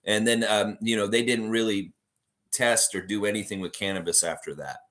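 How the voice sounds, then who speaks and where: A man hosts a casual livestream, his voice sitting a little low. He rambles in a loose, relaxed way and stops now and then to read viewer comments aloud. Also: normal speed. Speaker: livestream host.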